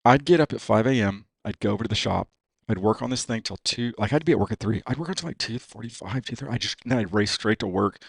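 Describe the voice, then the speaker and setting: A man's voice: fairly low pitch, fast talker, gravelly, slightly rough, dry recording. A man talking as a guest on a podcast, casual and profane, saying "dude" all the time. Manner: profane, says "dude" constantly. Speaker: racing driver guest. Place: podcast studio.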